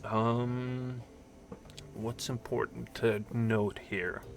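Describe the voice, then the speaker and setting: A man's voice: medium pitch, little pitch movement, extremely slow, vocal fry, slight background noise. A man casually commentating a role-playing game, reading the text aloud and cracking jokes. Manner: joking asides, reads game text aloud. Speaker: let's play host.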